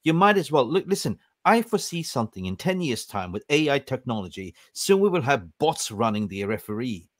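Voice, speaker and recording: Animated man ranting on a podcast. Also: mid-range voice, brisk, few pauses, no echo, studio quality. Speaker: podcast host. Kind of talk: casual football podcast chat.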